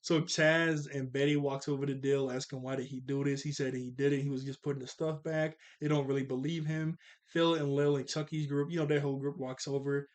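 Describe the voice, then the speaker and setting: A man's voice: mid-range voice, little pitch movement, brisk. A young man casually recapping a cartoon episode, laid-back and slangy, with chuckling asides.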